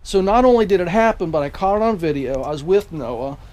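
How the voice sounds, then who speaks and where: A man's voice: high-pitched, animated, fairly quick, darkish tone, faint music behind. A man vlogging, eagerly retelling a personal story to camera in a rambling way, with the odd swear.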